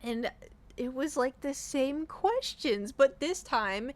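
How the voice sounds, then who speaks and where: On a live stream, a woman in her thirties chats casually, spinning a meandering, lively story full of restarts and the occasional curse. Her voice is high and she speaks slowly.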